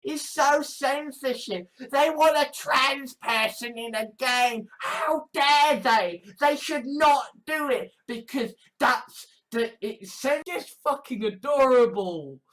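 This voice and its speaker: A woman's voice: sits high, slow pace, hardly any pauses, a bit bright. A woman ranting in a vlog commentary, full of sarcastic mock outrage, repeated phrases and swearing. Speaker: online commentator.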